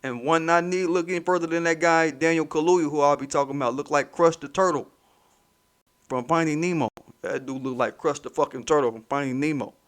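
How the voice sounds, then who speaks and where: A fairly high-voiced man hosts his own commentary vlog. He rants hard, swearing and mocking as he goes. He hammers his points home by saying them again and again. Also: fairly quick, fairly bright tone. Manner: profane, heated, mocking, repeats himself for emphasis. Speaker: commentary channel host.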